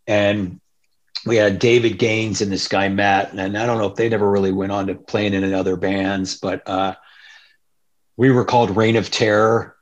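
A man telling stories in a loose, rambling way, as a guest in an interview. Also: on the low side. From Northern California. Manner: rambling, loose, animated quoting of others. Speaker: interview guest, punk musician. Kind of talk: casual storytelling.

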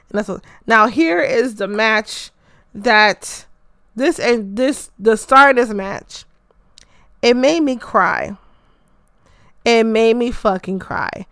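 Woman, casual recapper. Excitable and profane, lots of "uh", resonant tone, close dry bedroom mic. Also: medium pitch, clear, resonant tone, dry recording. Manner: excitable, heavy swearing, filler "uh". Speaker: wrestling show recapper.

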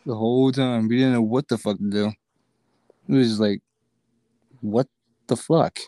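A man's voice: mid-range voice, steady tone, moderate pace, dark tone, no room sound, rough recording. A young man, a podcast guest, telling a story in slangy, profane casual chat.

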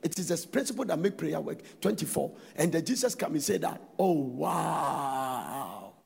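A man preaching a sermon, emphatic and loud, switching between shouts and soft asides. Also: on the high side, expressive, quick pace, creaky, husky, big-room sound.

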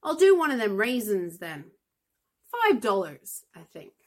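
Woman doing a crafty old witch woman, rustic dialect, arch and drawling, slow audiobook reading. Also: mid-range voice, big pitch swings, pitched above the performer's own voice. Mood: sly. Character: sly folksy old witch woman, feigning innocence.

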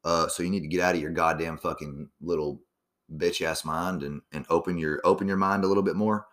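A young man with a very deep voice talks in a meandering, casual monologue. He swears freely and keeps circling back with ums and restarts. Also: steady tone, brisk, fairly bright tone. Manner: profane, meandering, lots of fillers and restarts.

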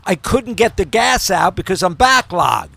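A middle-aged man co-hosting a casual chat, telling stories in an animated way and calling himself a moaner. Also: high-pitched, moderate pace, vocal fry, no room sound. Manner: animated storyteller, self-described moaner. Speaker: co-host.

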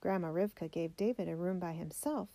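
A woman reading a children's biography aloud in a measured, steady way. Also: lowish voice. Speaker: narrator.

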